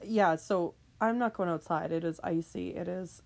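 A woman's voice: on the low side, normal speed, vocal fry, few pauses, a little mellow. A woman talking alone on her podcast, rambling and ranting, then apologizing with self-deprecating humor. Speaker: podcast host. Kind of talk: casual solo monologue. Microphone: microphone indoors.

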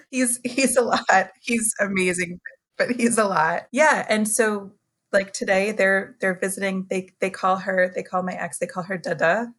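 A woman who is a parent, a guest in a casual interview, telling relaxed stories and laughing often. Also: mid-range voice, a little slow.

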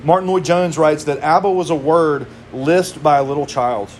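A man in his thirties preaches in a relaxed, conversational way, mixing in casual asides. His voice sits a little higher than most men's. A faint air conditioning hum runs underneath. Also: moderate pace. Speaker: pastor. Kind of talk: sermon.

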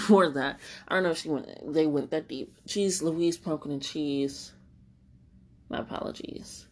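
A woman's voice: deep voice, a little slow, darkish tone. A young woman hosting a solo podcast, talking candidly and rambling, laughing often and swearing casually. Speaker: podcast host.

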